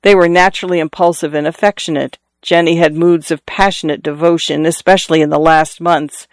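A man reading a novel aloud in a measured storytelling manner, lifting his voice for characters' calls. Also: fairly even intonation, dry recording, studio quality. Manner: measured storytelling, lifts pitch for quoted calls. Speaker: audiobook narrator. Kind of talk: scripted narration.

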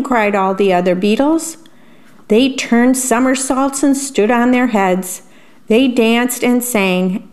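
A woman, a volunteer radio reader, gently reading a bedtime story aloud. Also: mid-range voice. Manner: slow, gentle reading with lively voices.

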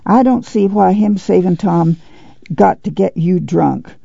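A stern, practical farm mother talks in blunt rural dialect, voiced by a man with little change from his reading voice. The voice is deeply gravelly and dark. The sound is dull and dry, like an old studio read. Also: unhurried, no room sound, heavily acted. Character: steady, stern farm mother, middle-aged woman.

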